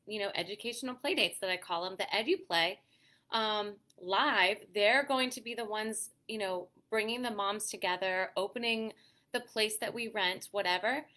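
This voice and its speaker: A woman's voice: fairly high pitch, bright, forceful tone. A woman hosting a casual livestream for moms, chatty and encouraging, reading out viewer comments. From Pittsburgh area, USA. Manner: chatty and encouraging, often adds "okay?" and "you know". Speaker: host of a mom community livestream.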